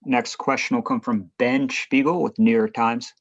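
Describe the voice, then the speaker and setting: A male moderator briskly announcing each reporter in turn at a press conference. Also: medium pitch, steady tone. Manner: brisk, formal. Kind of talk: announcing the next questioner. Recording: dull lo-fi stream audio.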